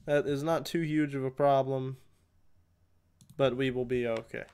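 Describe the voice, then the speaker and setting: Young man, gaming livestream chatter, clear smooth voice, middle pitch, rambling, keyboard clicks. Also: fairly even intonation, a little slow, darkish tone. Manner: chatty, rambling, answers chat while playing. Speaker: live streamer. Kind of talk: casual gaming livestream chat.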